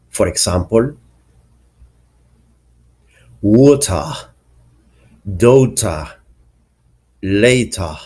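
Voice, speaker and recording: Slow, low-voiced male English teacher. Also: a little mellow. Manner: careful, deliberate enunciation of example words. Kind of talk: explaining pronunciation lesson.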